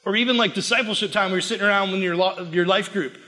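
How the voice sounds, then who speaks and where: A man with a notably high voice preaches to his congregation, shifting into little acted voices for the prayers and grumbles he quotes. His delivery is animated and emphatic but stays conversational, like a pastor talking straight to his church. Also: fast talker, long reverb tail. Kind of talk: sermon.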